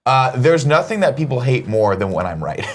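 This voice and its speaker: Animated, fast-talking man co-hosting. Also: mid-range voice. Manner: lively, teasing, emphatic. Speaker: co-host. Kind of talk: casual morning show banter. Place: office studio.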